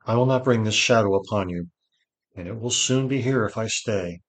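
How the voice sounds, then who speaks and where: A man's voice: lowish voice, normal speed, pitched above the performer's own voice, close to an everyday voice, low-quality recording. A man reading an audiobook gives voice to an anxious young male wizard, speaking in a tense, pleading way that rises with fear. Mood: troubled.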